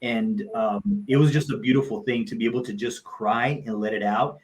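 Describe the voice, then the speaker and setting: A man's voice: on the low side, fairly even intonation, normal speed, rough recording. A man, a motivational speaker and coach, telling personal stories on a live talk show in a heartfelt, earnest way and repeating phrases for emphasis.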